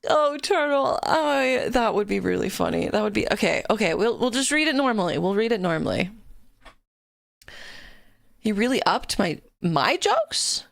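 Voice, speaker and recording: This is a woman streamer on a casual live stream, giggly and quick to swear. Her voice has a gravelly, fried edge and is pitched in the middle range. The desk-mic sound is dry, with no room around it. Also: sing-song, no echo. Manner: chatty, giggly, swears freely. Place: home streaming setup.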